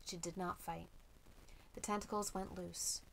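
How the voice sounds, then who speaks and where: A woman's voice: on the low side, little pitch movement, unhurried, creaky, a little hiss or hum, low-quality recording. Woman reading a storybook aloud. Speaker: audiobook reader. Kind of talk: storybook narration.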